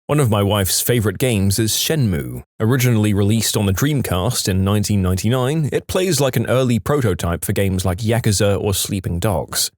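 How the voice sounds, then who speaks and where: A man reading reader-submitted funny stories aloud as a lively, animated scripted narration. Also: on the low side, brisk, few pauses, no echo, clean studio sound. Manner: lively, animated storytelling delivery. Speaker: story narrator.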